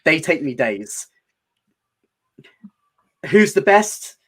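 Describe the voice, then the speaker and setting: A man, a guest on a casual live chat, talking in a relaxed, rambling way. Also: fairly high pitch, extremely slow, husky. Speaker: guest theatre channel host.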